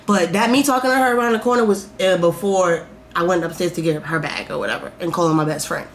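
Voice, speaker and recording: Speaking quickly in a lowish voice, the vlogger rambles through a casual storytime, swearing freely and filling gaps with fillers. A little hiss or hum sits under the audio.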